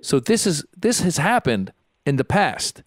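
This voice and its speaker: A man's voice: on the high side, very animated, measured pace, no echo, clean studio sound. A man, a stand-up comedian co-hosting a podcast, telling stories in casual chat with frequent restarts. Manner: rambling, storytelling with many restarts.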